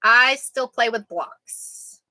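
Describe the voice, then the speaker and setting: Speaking extremely slowly, this quilting vlogger has a slightly high voice that is bright and forceful. The rough, echo-free recording catches her casual live chat as she jokes, reads out sayings and responds to viewers.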